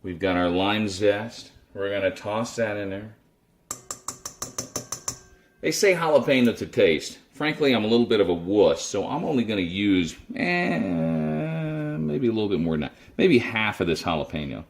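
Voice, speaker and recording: A man's voice: fairly low pitch, big pitch swings, moderate pace. A man casually chatting his way through a home cooking demo in his kitchen, rambling and self-deprecating. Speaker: cooking video host.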